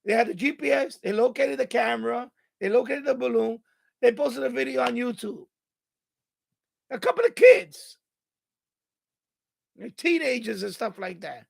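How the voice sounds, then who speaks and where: High-pitched gravelly man ranting. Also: animated, normal speed, pauses often. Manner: exasperated, swears freely. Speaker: radio hobbyist live-streamer. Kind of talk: ranting live-stream chat.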